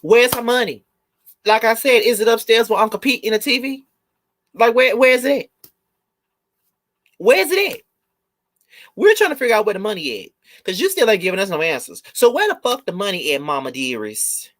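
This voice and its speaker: A man's voice: high-pitched, big pitch swings, moderate pace, pauses often, a bit bright. A man hosting a live review, ranting emphatically to his viewers with blunt, profane repetition. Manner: blunt, swears freely. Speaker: video host and reviewer.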